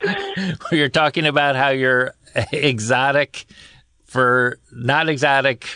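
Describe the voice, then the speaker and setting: A man's voice: mid-range voice, big pitch swings, slow, pushed and bright, clear, resonant tone, dry recording. Dry, teasing male podcast host. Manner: dry, teasing, interviewer-like questions. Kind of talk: deadpan comedy podcast banter. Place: studio in Burbank, California.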